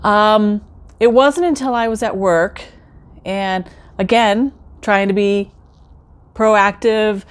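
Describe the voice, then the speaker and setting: A woman's voice: mid-range voice, takes it slowly, clean tone. Chatty woman telling her story. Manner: chatty, addresses viewers directly, acts out quoted remarks. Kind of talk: casual personal storytelling.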